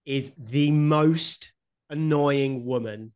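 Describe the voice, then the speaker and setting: A man's voice: a little high, extremely slow, a little mellow, smooth. A man co-hosting a podcast in casual chat, blunt, swearing freely and laughing often. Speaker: podcast co-host.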